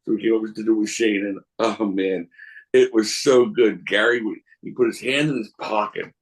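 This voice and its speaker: This man's voice is lowish and moves at a normal speed, captured in a low-quality recording. He's a wrestling promoter appearing as a podcast guest, rambling through casual stories with frequent restarts while animatedly acting out the voices of people in them.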